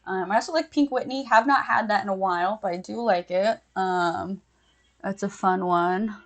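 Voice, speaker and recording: A woman's voice: mid-range voice, moderate pace. A young woman streaming as she does her makeup, chatting casually with frequent laughs and fillers. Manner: chatty, giggly, lots of fillers. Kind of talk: casual chat while doing makeup.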